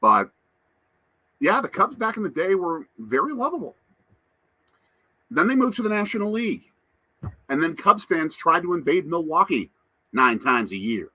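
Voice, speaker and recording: A man's voice: fairly high pitch, big pitch swings, moderate pace, pauses often, sharp tone, dry recording. A man hosting a casual live stream, chatting to viewers and reading out their comments. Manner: chatty, answers chat comments. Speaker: livestream host.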